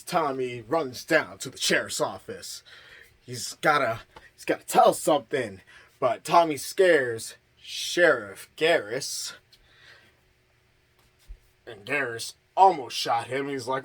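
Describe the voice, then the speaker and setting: Man, horror reviewer, slow and easygoing, mid pitch, casual profanity. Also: lively intonation, fairly bright tone. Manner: slow, laid-back and profane. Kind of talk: casual plot recap.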